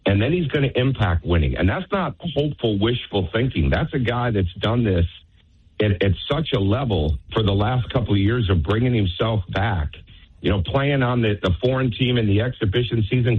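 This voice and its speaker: A basketball coach calling in as a radio guest, talking emphatically and persuasively. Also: male voice, lowish voice, husky. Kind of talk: phone interview. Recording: phone line.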